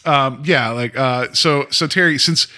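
Man, podcast co-host, bright voice, rambling casual delivery. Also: medium pitch, a little slow. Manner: rambling, laughs often, trails off. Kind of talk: casual TV review chat.

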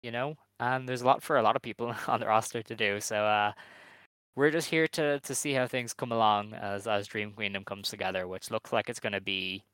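A man co-hosting a wrestling podcast, speculating in a relaxed way with lots of ums and hedges. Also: on the low side, fairly quick, smooth, no room sound. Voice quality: hesitant, hedging, many fillers. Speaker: podcast co-host. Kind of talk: casual chat.

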